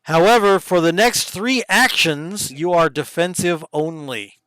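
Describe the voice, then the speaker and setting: Clear-voiced game master, dry sound. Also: male voice, on the high side, a little slow, dry recording, poor audio. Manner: lively descriptive narration with sudden hushed asides. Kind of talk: narrating a tabletop game.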